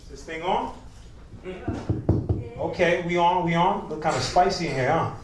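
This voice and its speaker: A man's voice: a little high, normal speed. A man emceeing a live show, hyping the crowd and introducing the next comedian. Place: loft comedy venue, indoors. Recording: roomy, distant mic, background noise.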